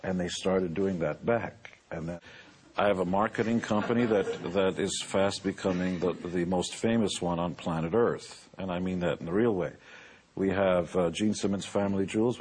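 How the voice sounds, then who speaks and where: A musician-turned-businessman in his sixties gives a motivational talk that is boastful and joking. He speaks at a moderate pace in a low, somewhat mellow voice.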